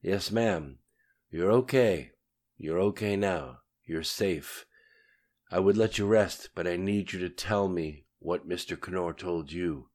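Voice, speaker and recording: A man doing an insistent male agent in an audiobook. He speaks firmly and with urgency, a bit louder and higher than the low narrating voice. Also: takes it slowly. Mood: urgent.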